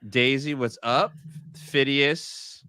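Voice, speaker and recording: A man's voice: mid-range voice, slow, sharp tone, clean tone, no room sound, clean studio sound. A man co-hosting a live stream, upbeat and casual as he greets viewers in the chat.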